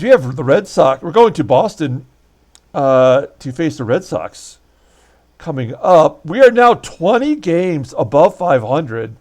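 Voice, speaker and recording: A man's voice: a little high, very animated, unhurried, darkish tone. A man hosting a baseball season replay, giving casual commentary and recapping results while thinking aloud with fillers and self-corrections.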